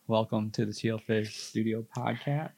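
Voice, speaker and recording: A man's voice: lowish voice, fairly even intonation, normal speed, gravelly, a little mellow, low-quality recording. A man co-hosting a podcast, chiming in with jokes and teasing asides in casual chat. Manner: joking, teasing interjections. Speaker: podcast co-host.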